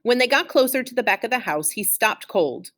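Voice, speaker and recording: A woman reading a children's chapter book aloud in an expressive, animated way. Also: fairly high pitch, a little fast. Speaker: reader.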